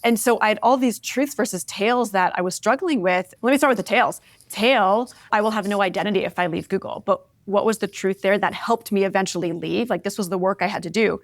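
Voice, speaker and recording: Woman, forties, interview guest; candid expressive storyteller, mid-pitched, dry close sound. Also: fast, few pauses, no room sound. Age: 40s. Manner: expressive, reflective, frequent "like" and "right?".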